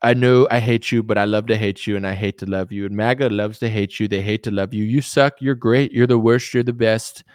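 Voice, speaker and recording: A man's voice: lowish voice, fairly even intonation, fairly quick, hardly any pauses, clear, resonant tone, dry recording, clean studio sound, pitched below the performer's own voice, close to an everyday voice. A man impersonating a boastful older politician. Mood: rambling. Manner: repetitive, loud, bragging sing-song delivery.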